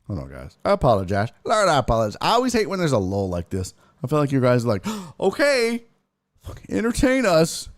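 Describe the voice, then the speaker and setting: A man's voice: mid-range voice, fast talker, few pauses, no room sound, studio quality. A man hosting a casual live-streamed sports show, ranting and cursing freely. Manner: profane, ranting, animated.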